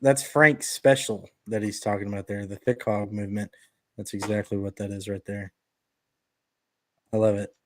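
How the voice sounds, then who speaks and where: A man's voice: fairly low pitch, little pitch movement, moderate pace, long pauses, fairly bright tone, slight background noise. A man hosting a casual podcast, joking and easygoing, talking straight to his listeners. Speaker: podcast host and window cleaner.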